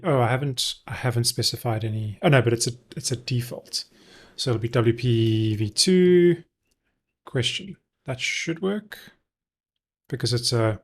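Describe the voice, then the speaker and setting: A man with a mid-range voice live-streams a coding session, casually explaining his steps. He thinks aloud, with frequent ums and self-corrections.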